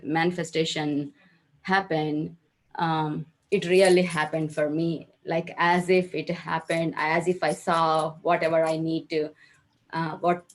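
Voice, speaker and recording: A woman with a fairly low voice speaks over a video call. She shares a personal experience haltingly, with frequent fillers and restarts, and emotion comes through in her voice. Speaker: program participant.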